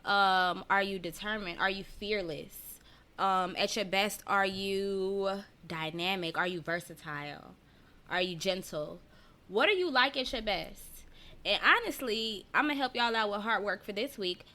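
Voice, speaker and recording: A woman with a bright, ringing voice hosts a loose live-stream chat for her podcast. She talks straight to her viewers, reads their comments aloud and laughs often. Her delivery is animated. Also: medium pitch, a little slow. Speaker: podcast host; teacher. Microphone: personal mic.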